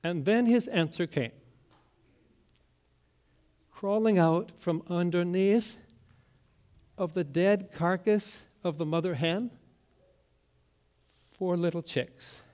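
High-voiced pastor preaching in hushed swells. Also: male voice, takes it slowly, pauses often. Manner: storytelling preacher, drops to a hushed voice on key words. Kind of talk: sermon.

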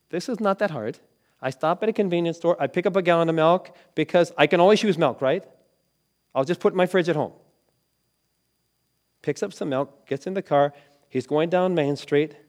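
A man preaching a sermon, telling a story dramatically and dropping from loud lines to hushed ones. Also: a little high. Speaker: pastor.

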